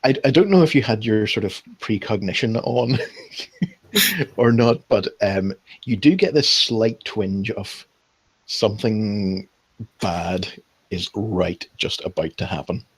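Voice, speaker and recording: A man's voice: lowish voice, expressive, slow, husky. A young man narrating a tabletop game as game master, hesitant and full of ums as he describes each scene.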